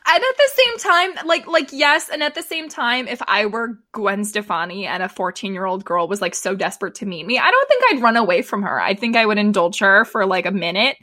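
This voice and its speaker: A woman's voice: medium pitch, lively intonation, brisk, few pauses, sharp tone, dry recording. A woman co-hosting a casual podcast, recapping a TV episode in a chatty way, with lots of fillers and laughter. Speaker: podcast co-host.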